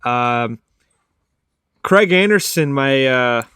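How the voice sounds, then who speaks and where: A man's voice: medium pitch, animated, extremely slow, sharp tone, smooth, no echo. A young man co-hosting a hockey podcast, talking in a casual, clipped, joking way. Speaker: podcast co-host.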